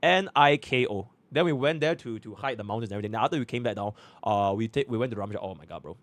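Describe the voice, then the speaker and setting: A young Singaporean man is streaming live, his mid-range voice racing and a bit bright, with no echo. He chats casually, mutters to himself as he works through menus, and keeps repeating filler phrases.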